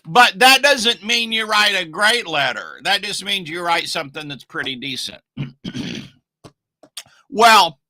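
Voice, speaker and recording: A man's voice: high-pitched, lively intonation, measured pace, long pauses, bright, forceful tone, no room sound. A middle-aged man teaching online marketing on a casual live stream, rambling and emphatic, with asides to his viewers.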